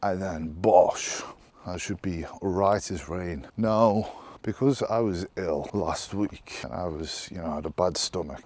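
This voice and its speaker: Chatty deep-voiced man vlogging. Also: darkish tone. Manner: chatty, rambling, swears casually. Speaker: fitness vlogger. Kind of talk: casual vlog monologue.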